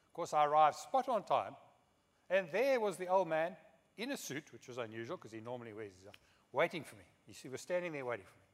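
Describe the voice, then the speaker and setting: Speaking from a podium mic in a conference hall with long reverb, a middle-aged keynote speaker from South Africa shares funny stories and voices quotes from others himself. His pitch is fairly high, his delivery animated and quick.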